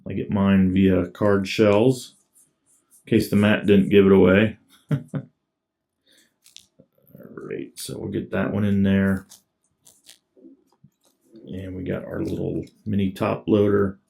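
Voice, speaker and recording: Warm, gravelly, and low-pitched, this man's voice barely moves in pitch as he speaks slowly with many pauses. He's a card collector opening trading card packs, laid-back and reading off each card as he goes.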